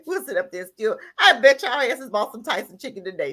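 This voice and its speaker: Sing-song and fairly bright, a woman's voice moves fairly quickly with few pauses as she rants into a live talk show. The impassioned call is heated and full of repetition, and she laughs and raises her voice almost to a crying pitch.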